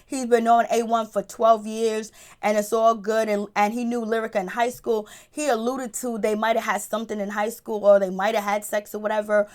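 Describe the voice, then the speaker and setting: Chatty opinionated woman, higher voice. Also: little pitch movement, brisk, few pauses. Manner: chatty, opinionated, acts out quotes in a loose retelling. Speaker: show recap commentator. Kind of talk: casual reality-show recap.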